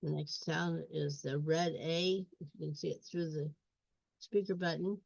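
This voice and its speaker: A woman's voice: deep voice, steady tone, a little slow, creaky, a little mellow, no room sound. A woman tutoring reading in a step-by-step walkthrough, repeating sounds and words. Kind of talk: instructional screen walkthrough. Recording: dull lo-fi recording.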